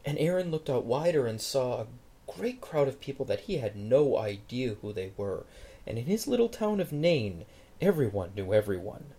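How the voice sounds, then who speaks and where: Role: preacher. Style: storytelling sermon. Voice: husky, very expressive pitch. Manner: dramatic, moving between hushed and loud. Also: normal speed.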